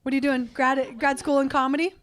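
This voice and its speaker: Giggly high-voiced woman cracking crude jokes. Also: level tone, fast. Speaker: podcast co-host. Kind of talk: live comedy podcast banter. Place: live comedy show stage.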